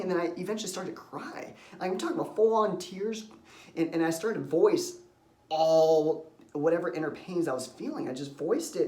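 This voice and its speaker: A man's voice: a little high, a little mellow, roomy sound. A man who works as a confidence coach gives an earnest, reflective self-help talk and shares personal stories.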